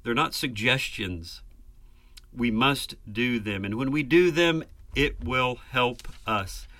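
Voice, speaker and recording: A man's voice: medium pitch, takes it slowly, pushed and bright, dry recording. A man preaching a sermon, earnest and emphatic, building lists and rhetorical questions.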